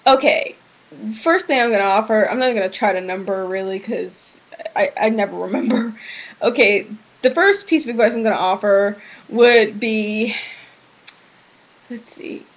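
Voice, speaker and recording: A woman's voice: mid-range voice, normal speed, poor audio. A young woman giving casual relationship advice into a webcam, rambling, frank and full of restarts.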